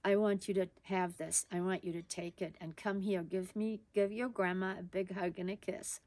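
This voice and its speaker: A woman voicing her grandmother as she retells a memory, speaking gently but insistently. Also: mid-range voice, fairly even intonation, normal speed, dry recording, lightly acted. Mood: gently firm. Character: firm, loving grandmother.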